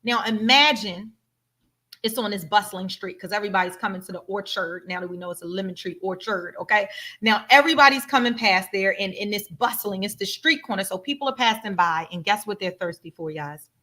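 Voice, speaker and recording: Female life coach, mid-pitched, emphatic, repeats lines for effect in a live motivational talk. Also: fairly quick, bright, forceful tone.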